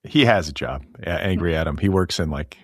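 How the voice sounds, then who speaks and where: A man hosting a podcast, teasing his co-host in a dry, deadpan way. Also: low voice, fairly quick, husky, no echo. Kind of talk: casual podcast banter.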